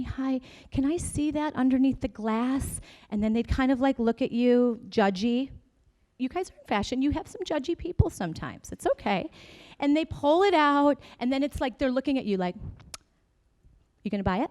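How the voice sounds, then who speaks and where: Animated woman telling her founder story. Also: mid-range voice. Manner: animated and chatty, with sarcastic asides to the audience. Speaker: company founder giving a keynote. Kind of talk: conference keynote storytelling. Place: conference stage before an audience.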